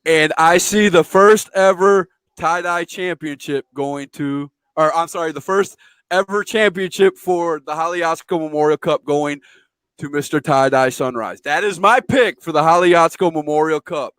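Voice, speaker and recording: High-voiced excitable man, dry sound. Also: normal speed, clean tone, dry recording. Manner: excitable, stammering, repeats himself. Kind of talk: casual chat.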